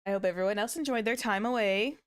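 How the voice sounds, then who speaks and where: A woman's voice: mid-range voice, quick pace, clean tone. A woman streamer chatting casually with viewers, rambling with many restarts and small laughs. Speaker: VTuber streamer.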